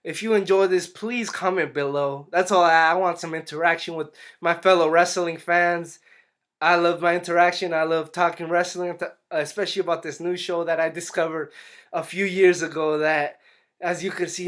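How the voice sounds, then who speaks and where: A man with a higher-than-usual voice talks through a wrestling episode in a loose, casual review. He restarts his sentences often and slips into little acted-out quotes. The delivery is relaxed and chatty. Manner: rambling, restarts often, acts out quotes animatedly. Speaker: YouTube wrestling and boxing reviewer.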